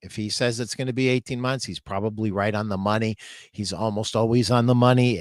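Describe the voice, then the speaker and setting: An older man hosting a live question-and-answer show, giving business advice in a slow, measured way. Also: fairly low pitch, dry recording. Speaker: show host and retail consultant.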